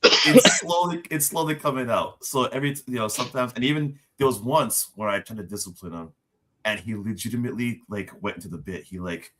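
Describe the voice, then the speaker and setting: A man's voice: on the low side, a little fast, fairly bright tone, a little hiss or hum. A man from Nigeria telling casual stories about his kids, acting out their lines and laughing often. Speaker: show regular, father. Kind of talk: casual chat.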